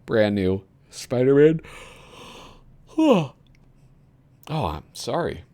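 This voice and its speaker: A man with a lowish voice that swings widely in pitch as he talks. He reads items aloud, chuckles often and rambles in a casual, chatty way. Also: big pitch swings, a little slow. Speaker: video host flipping through a magazine. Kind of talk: casual commentary.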